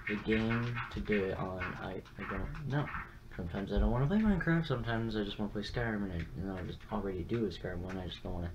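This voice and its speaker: A man's voice: lowish voice, quick pace. A young man casually chatting and swearing while he plays a game, rambling and self-deprecating. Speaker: gaming channel host. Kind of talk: casual gameplay commentary. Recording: muffled, lo-fi with audible background noise.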